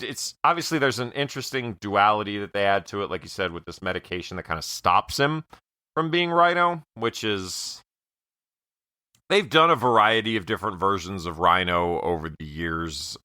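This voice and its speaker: Very deep, bright, crisp-voiced man. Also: lively intonation, no room sound. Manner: filler-heavy, measured. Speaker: podcast co-host. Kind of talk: casual movie review chat.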